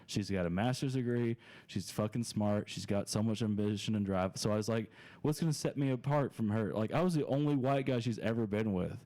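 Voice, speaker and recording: A man from North Carolina with a softened Southern US accent, telling stories as a comedian guest in casual podcast chat. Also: fairly low pitch, a little fast. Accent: Southern US, toned down. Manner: animated storyteller, laughs through punchlines.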